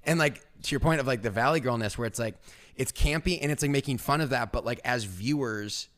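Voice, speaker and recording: A man's voice: medium pitch, brisk, fairly bright tone. A young man hosting a podcast, chatting casually and rambling with constant "like" fillers. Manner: rambling, fills every phrase with "like". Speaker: podcast host. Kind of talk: casual chat.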